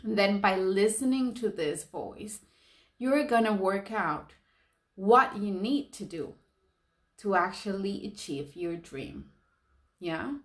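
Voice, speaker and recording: Slow, soothing woman in an echoey room. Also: medium pitch. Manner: slow, calm and soothing, with soft laughs. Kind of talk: guided reflection talk.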